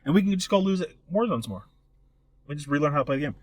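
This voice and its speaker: A man's voice: on the high side, animated, rapid-fire, dry recording. A young man co-hosting a casual podcast, rambling and profane, often cutting himself off mid-sentence. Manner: rambling, profane, self-interrupting storyteller. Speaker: podcast co-host. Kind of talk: casual chat.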